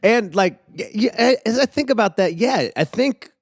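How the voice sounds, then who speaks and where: A man hosts a podcast in a loose, profane way and is quick to laugh. His voice sits a little high and sounds dry and close to the mic. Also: lively intonation, breathy edge, no echo. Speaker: podcast host. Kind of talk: casual interview chat.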